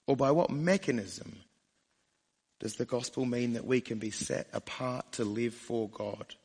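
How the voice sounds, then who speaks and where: A man's voice: medium pitch, big-room sound. A male pastor preaching a sermon in church, speaking conversationally and asking the congregation rhetorical questions.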